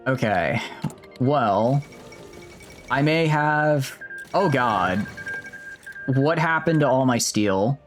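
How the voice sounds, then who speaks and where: A man's voice: medium pitch, lively intonation, very slow, pauses often, soft background music. A man streaming a strategy game, chatting casually with his viewers, rambling with many restarts and fillers. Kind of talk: casual live-stream chat while gaming.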